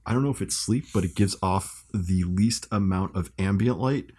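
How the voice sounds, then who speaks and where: A man's voice: deep voice, moderate pace, a loud crowd. A man co-hosting a podcast in casual chat, hesitantly reading search results aloud. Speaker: podcast co-host.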